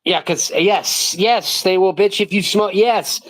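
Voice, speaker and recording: A man on a live stream tells a rowdy story in loose, casual talk, swearing all the way through and jumping into the voices of the people in it. His voice sits a touch high for a man, and the sound is close and dry. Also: measured pace, dry recording. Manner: profane, animated, acts out quotes in raised voices.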